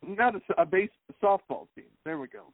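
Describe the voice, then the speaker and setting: Animated man telling a story on a tinny line. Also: sits high, brisk, no echo. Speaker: podcast co-host. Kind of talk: casual podcast chat. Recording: narrow phone-like sound, dry.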